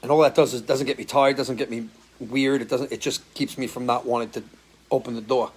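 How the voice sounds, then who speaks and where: A man's voice: mid-range voice, fairly even intonation, brisk, slightly rough. A man hosting a live stream as a musician, chatting casually and answering viewer comments, loose and swearing freely. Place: home, living in Florida.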